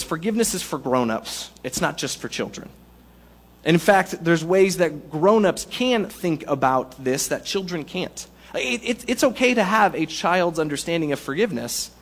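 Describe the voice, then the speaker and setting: A man delivering a sermon, his voice sitting a little higher than most men's. He preaches in a relaxed, conversational way and leans on humorous analogies to make his point. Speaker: pastor.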